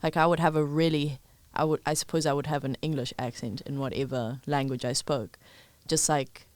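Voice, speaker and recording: A young speaker from Zimbabwe chatting on a podcast, lively and talkative, musing aloud. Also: mid-range voice, normal speed, clear, resonant tone, no room sound. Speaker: podcast guest. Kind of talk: casual podcast chat.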